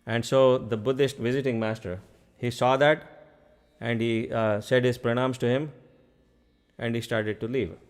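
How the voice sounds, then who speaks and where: A man's voice: mid-range voice, steady tone, measured pace, clear, resonant tone. A man telling a parable in a casual way during a spiritual talk. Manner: casual, with frequent fillers. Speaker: spiritual speaker.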